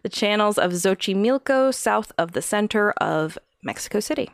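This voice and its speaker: A woman co-hosting a casual podcast tells eerie stories, laughing often in a giggly way. Her medium-pitched voice is animated and a bit creaky at normal speed, in a dry, studio-quality recording.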